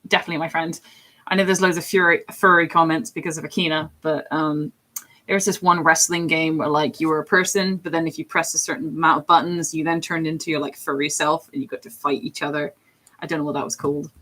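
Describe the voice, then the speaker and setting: A young woman with a sharp tone chats casually on her live stream, giggling and poking fun at herself. Her pitch swings widely while she responds to viewers.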